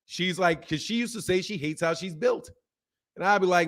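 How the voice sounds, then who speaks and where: A man in his forties with a fairly high voice goes on a casual, animated rant. He repeats his points again and again and breaks into laughter often. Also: moderate pace. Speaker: boxing channel host.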